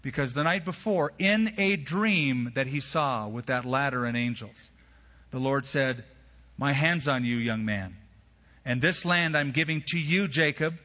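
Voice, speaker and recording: A man preaching a sermon, telling the story in a casual, lively way and acting out the characters' lines in everyday phrasing. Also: mid-range voice, unhurried. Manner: storytelling, acts out biblical dialogue in casual modern phrasing. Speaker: pastor. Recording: dull sound, long hall reverb.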